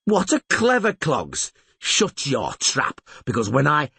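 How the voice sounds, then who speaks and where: A man's voice: a little high, wildly swooping pitch, slow pace, vocal fry, pushed and bright, slightly rough, no echo, voice pushed up, exaggerated voice. A man reading an audiobook and voicing a pockmarked fairground showman who blusters and wheedles at the crowd. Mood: irritated, mocking.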